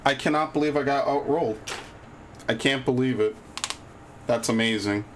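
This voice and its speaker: Grumbling and swearing as the game gets on his nerves, this live streamer chats casually with his audience. His voice is mid-range and fairly quick, and the recording carries slight hiss or hum.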